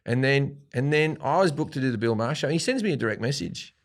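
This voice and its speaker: Australijski komik w średnim wieku, barwnie i wulgarnie opowiadający w rozmowie, z bardzo rozbieganą intonacją. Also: male voice, medium pitch, quick pace. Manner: profane, animated storytelling with acted-out quotes. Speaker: guest comedian. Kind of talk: storytelling in a casual interview. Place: studio.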